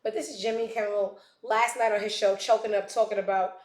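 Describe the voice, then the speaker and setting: A woman's voice: medium pitch, fairly even intonation, fairly quick. A woman hosting a commentary show, talking bluntly and sarcastically with plenty of profanity. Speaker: show host. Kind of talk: casual commentary. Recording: echoey room.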